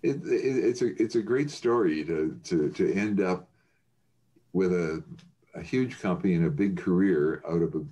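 A man interviewing a guest with brief, halting prompts. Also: sits low, warm tone.

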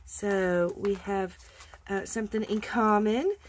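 A woman's voice: medium pitch, steady tone, takes it slowly, slight background noise. A woman from Georgia, hosting a casual craft vlog and gushing with enthusiasm over what she shows, at times dropping to a near-whisper. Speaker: craft channel host. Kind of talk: casual show-and-tell vlog.

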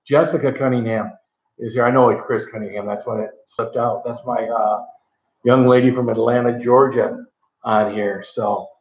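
A channel host from Michigan, USA, rambles at a normal speed on his casual home live stream, with a medium pitch and fairly even intonation. He says um a lot and keeps correcting himself, and the audio is roomy and slightly dull.

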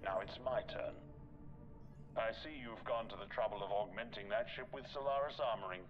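An actor playing a smug villain commander. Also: male voice, lowish voice, normal speed, lo-fi sound, over music, lightly acted. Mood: menacing. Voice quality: cool and taunting.

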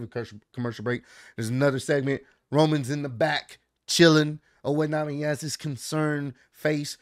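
A man's voice: medium pitch, no echo, clean studio sound. A man casually recapping a show in a loose, rambling way, full of fillers and slang. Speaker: wrestling recap vlogger.

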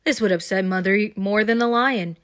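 A woman's voice: mid-range voice, brisk, close to an everyday voice. A woman doing a bored, grumbling young boy. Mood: worried. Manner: flat, grumbling. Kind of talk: storybook read-aloud.

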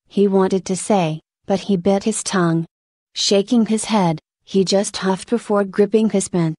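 A woman narrating a short story in a steady, even reading voice. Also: medium pitch, a little slow, dry recording, studio quality.

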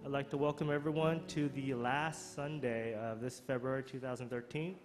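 A man's voice: mid-range voice, steady tone, moderate pace. Earnest man praying in an echoey church. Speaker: church member giving prayer and announcements. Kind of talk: prayer and announcements. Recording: reverberant church hall with soft music.

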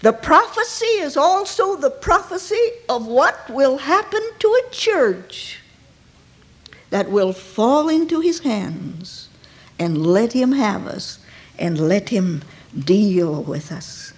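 Woman preacher, high voice with wide swoops, unhurried delivery, moving from hush to loud cries in church. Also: very animated, husky. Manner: dramatic, swinging from hushed near-whispers to ringing cries. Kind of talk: emotional sermon.

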